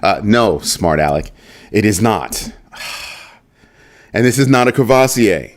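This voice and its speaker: A man's voice: fairly low pitch, expressive, measured pace. A man hosting a crypto news livestream in a casual commentary style. He banters jokingly with viewers in the chat and keeps repeating the catchphrase "just saying.".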